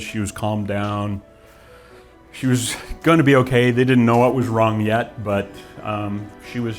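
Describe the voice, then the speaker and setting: A man in his forties giving an earnest, reflective personal testimony, with frequent restarts. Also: on the low side. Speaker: guest telling his story.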